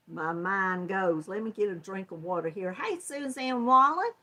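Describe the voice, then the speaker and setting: Older southern lady chatting slow and folksy on her crochet livestream, laughs a lot. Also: medium pitch, lively intonation, pushed and bright. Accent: Southern American. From Georgia, US South. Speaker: crochet channel host. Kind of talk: casual livestream chat greeting viewers.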